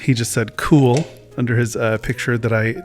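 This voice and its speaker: A man's voice: medium pitch, steady tone, moderate pace, soft background music. A man hosting his own casual talk show, rambling and joking at his own expense. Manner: rambling, self-mocking, chatty. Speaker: host. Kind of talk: casual chat.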